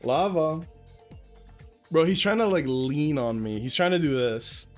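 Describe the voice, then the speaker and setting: Indoors at home, a young man chats loosely with his viewers, swears occasionally, and slips into baby talk for his cat. He has an expressive mid-range voice at a moderate pace, picked up close by a desk mic with faint music behind.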